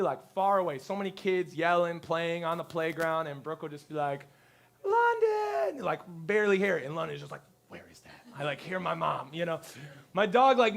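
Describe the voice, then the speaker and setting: A male pastor giving a conversational sermon to his congregation, telling lively stories and acting out the people he quotes. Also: on the high side, gravelly. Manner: lively storyteller who acts out quotes. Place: church service before a congregation.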